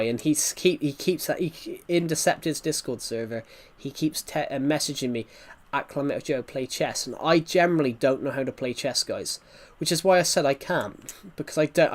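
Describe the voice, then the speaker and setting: A man's voice: a little high, a little fast, hardly any pauses. A man, a gaming streamer, telling a story in casual chat with rambling restarts.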